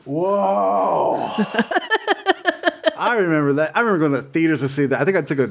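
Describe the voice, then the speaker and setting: A man's voice: a little high, lively intonation, quick pace. A man co-hosting a casual podcast, his voice bouncing up and down as he talks. He rambles through his thoughts, swears freely and laughs often. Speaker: podcast co-host. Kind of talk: casual chat.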